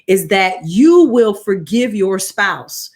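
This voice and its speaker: A woman's voice: mid-range voice, lively intonation, slow. A woman co-hosting a live marriage talk, speaking earnestly in a sermon-like way about faith and commitment. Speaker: co-host of a marriage talk show. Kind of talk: live-streamed marriage teaching.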